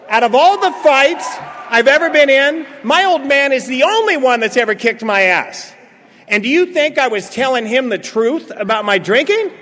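A middle-aged man tells stories with jokes at a meeting and slips into quick bits of dialogue. His voice is very high and bright. It carries through a reverberant hall, with a faint audience murmur behind him. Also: a little hiss or hum. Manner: joking, storytelling, acts out dialogue. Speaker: speaker at a recovery meeting. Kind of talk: humorous recovery talk to an audience.

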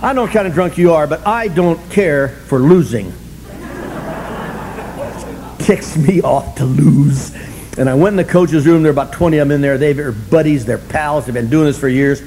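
An older man with a fairly high voice tells his story to a meeting of fellow drinkers. He talks in an animated, self-mocking way, punching some lines loud and dropping others into low, wry asides. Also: normal speed, a little hiss or hum, poor audio. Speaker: speaker sharing his story at a recovery meeting. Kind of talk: humorous storytelling talk.

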